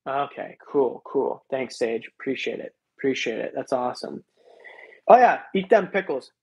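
A man's voice: mid-range voice, lively intonation, normal speed, a little mellow, breathy edge, dull audio. A man hosting a reptile live stream, chatting casually and rambling as he thanks viewers by name. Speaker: reptile channel host.

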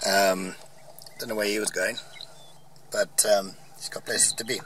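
A man's voice: on the low side, fairly even intonation, measured pace, fairly bright tone. A man on a game drive giving rambling, opinionated, wry commentary outdoors from a vehicle. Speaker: vlogger on safari. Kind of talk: casual commentary. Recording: distant mic, faint outdoor noise.

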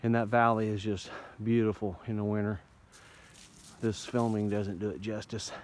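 Easygoing Indiana man, low-pitched, a bit winded, narrating on a phone outdoors in the woods, faint hiss behind. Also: little pitch movement, moderate pace, rough recording. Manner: easygoing, rambling, folksy. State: out of breath while hiking uphill. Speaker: bushcraft vlogger. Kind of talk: casual narration to camera. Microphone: phone held in hand.

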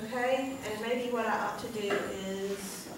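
A woman with a high voice teaches a class at an unhurried pace, patiently repeating each word and checking in with her students. She is recorded from the back of a classroom, so her voice comes from far off with strong echo. Steady room noise hums underneath. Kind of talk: classroom lecture.

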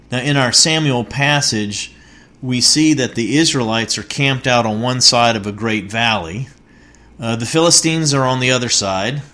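A man preaching an online sermon as pastor, reading scripture and speaking in a measured, soft-spoken way with pauses. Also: medium pitch. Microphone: online worship recording.

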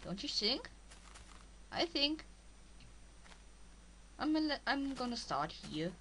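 A woman with a strong German accent, a native German speaker, giving halting, casual commentary as she plays a game and talks to herself. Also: high voice, sing-song, sharp tone, slight background noise, low-quality recording. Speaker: let's player.

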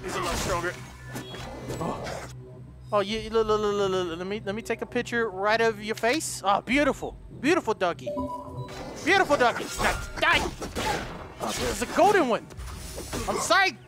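High-voiced guy doing let's play commentary, yelps and giggles, music going behind. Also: moderate pace, long pauses. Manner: excitable, loud outbursts and giggly laughter. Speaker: gaming YouTuber.

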